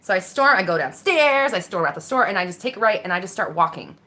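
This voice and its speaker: A woman telling a personal story casually, candid and animated, swearing freely and acting out the voices in her head. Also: mid-range voice, fast. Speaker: vlogger.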